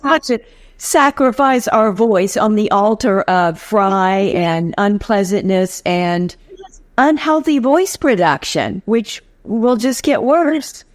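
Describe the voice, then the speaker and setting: A woman hosting an interview, sharing unhurried anecdotes in conversation. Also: mid-range voice, animated, dry recording, clean studio sound. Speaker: interview host.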